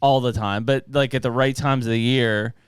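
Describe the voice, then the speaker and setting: A man hosting a hunting podcast, explaining his approach in a steady, casual way. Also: medium pitch, moderate pace, clean tone, no room sound, clean studio sound. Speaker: podcast host. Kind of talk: casual chat.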